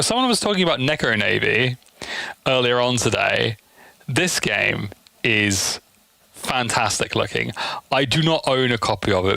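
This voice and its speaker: A man's voice: medium pitch, creaky, pushed and bright, no echo. A young man streaming shoot-'em-ups, tired, rambling and swearing freely. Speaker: game streamer. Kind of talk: casual gameplay stream commentary.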